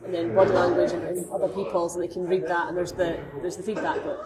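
A woman's voice: lowish voice, little pitch movement, fast talker, a loud crowd. A woman, a dog behaviourist co-hosting a casual talk, chatty and anecdotal with frequent fillers. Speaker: dog behaviourist, podcast co-host. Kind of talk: casual conversation.

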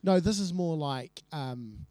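A man's voice: fairly high pitch, slow pace, no room sound. Man telling stories animatedly. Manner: animated storyteller, acts out quotes. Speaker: podcast co-host. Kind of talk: casual chat, storytelling.

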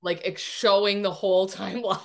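A woman with a mid-range voice hosts a casual podcast chat. She jumps in with eager, quick reactions and laughing agreement. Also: mid-range voice, fairly even intonation, vocal fry.

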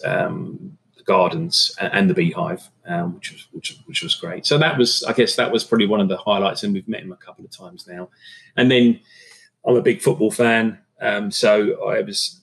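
A man's voice: lowish voice, moderate pace, vocal fry, low-quality recording. A middle-aged man, a catering business owner, chatting casually in an interview with lots of fillers and restarts. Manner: relaxed, rambling, many fillers and restarts.

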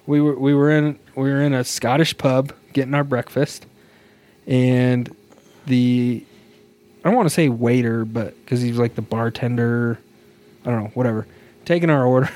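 A man's voice: medium pitch, normal speed, a little mellow. Chatty upbeat man on a podcast. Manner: chatty and upbeat, laughs often, many fillers. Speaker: podcast co-host. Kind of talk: casual podcast chat.

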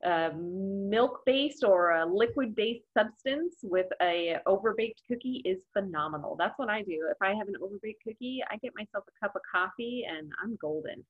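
Husky-voiced chatty woman baker. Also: medium pitch, animated, normal speed, hardly any pauses, phone-quality sound. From Arizona. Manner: chatty, laughs easily. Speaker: guest, macaron baker. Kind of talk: casual podcast chat.

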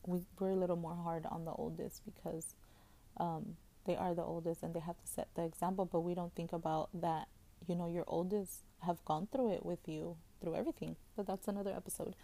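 A woman in her thirties talks casually on her podcast, her voice low-set and gravelly with plenty of vocal fry. She rambles in a fairly flat tone, circling back with fillers and restarts, and lets her emotions show. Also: brisk. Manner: openly emotional. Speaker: podcast host. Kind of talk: casual chat.

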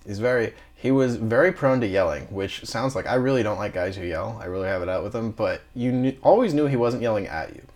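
A man's voice: on the low side, animated, a little fast, hardly any pauses, a little mellow. A man, a marine engineer, chatting casually and telling rambling work stories, acting out what people said and laughing along. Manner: rambling storyteller who acts out dialogue and laughs.

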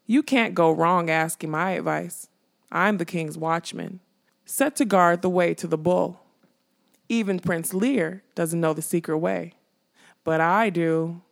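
Reading an audiobook, a woman voices a mocking dead male skull that guards a castle. Her delivery is a slow, teasing drawl in a lowish, creaky voice.

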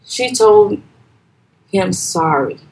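A young woman from Liberia with a Liberian accent, recounting a painful personal story as a podcast guest in a soft, halting, hesitant way. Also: lively intonation, slight background noise, rough recording. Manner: soft, halting and hesitant, with quoted voices raised high and loud.

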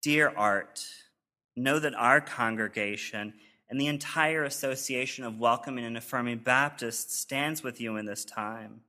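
A male pastor giving a sermon, reading letters of support aloud in an earnest, measured way. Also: mid-range voice, pushed and bright. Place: church sanctuary.

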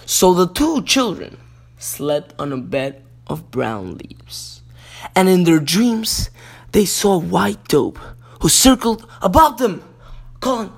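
A man's voice: high voice, very animated, slow pace, vocal fry. A podcast host, a man, casually reading a children's fairy tale, chatty and prone to correcting himself.

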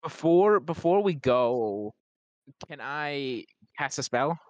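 A man playing a tabletop game, halting and thinking aloud while choosing what to do. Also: a little high, lively intonation, a little mellow, no echo. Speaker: player. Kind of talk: casual tabletop gaming chat. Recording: dull lo-fi mic.

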